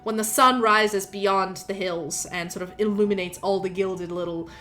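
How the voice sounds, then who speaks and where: A woman's voice: medium pitch, fairly even intonation, moderate pace, a bit bright, a little hiss or hum. A woman narrating as game master of a tabletop role-play stream, rambling with lots of fillers. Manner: rambling, filler-heavy, laughing asides.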